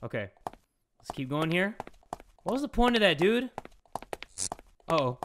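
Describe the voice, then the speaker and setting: A young man doing let's play commentary on a horror game, excitable, joking crudely and yelling at sudden scares. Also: sits high, unhurried, a little hiss or hum. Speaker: gaming YouTuber.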